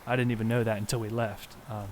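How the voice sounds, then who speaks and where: A man's voice: fairly low pitch, level tone, quick pace, a little mellow, slight background noise. Earnest young man telling a story. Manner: earnest, rambling, many ums. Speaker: podcast co-host. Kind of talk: casual storytelling.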